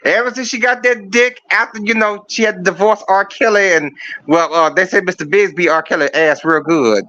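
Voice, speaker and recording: A man's voice: high voice, fairly even intonation, brisk, bright, forceful tone. A man calling in with a profane, mocking comedic rant, telling stories about a scandal. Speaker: caller. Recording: dull lo-fi dry sound.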